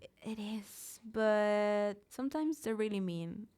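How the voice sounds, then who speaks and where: A young Mexican woman, a singer, is interviewed live at a studio event, her mid-range voice slow, darkish, clear and resonant. She talks candidly and with emphasis, often restarting her words mid-thought.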